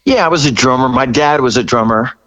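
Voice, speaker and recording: Guy in his 60s, rock singer telling a road story, laughs a lot, acts out the voices, animated. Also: medium pitch, fairly quick, rough recording. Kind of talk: storytelling interview.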